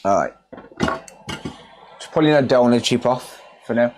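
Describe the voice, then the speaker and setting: A man's voice: mid-range voice, measured pace, noisy background. A man from the West Midlands of England with his regional accent, chatting casually with live-stream viewers while he works on repairs. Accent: West Midlands English. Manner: relaxed, chatty, greets viewers by name. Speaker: repair livestream host.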